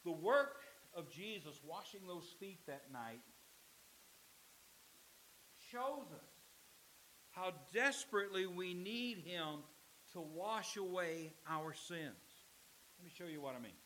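A man preaching a sermon as pastor, with emphatic delivery, dramatic pauses and acted-out quoted lines. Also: high voice, expressive, pushed and bright, slight background noise, rough recording.

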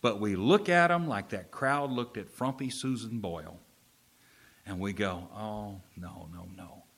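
Bright-voiced preacher. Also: male voice, on the low side, lively intonation, unhurried. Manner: joking storyteller, swinging from loud to hushed. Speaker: pastor. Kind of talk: sermon. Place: church service.

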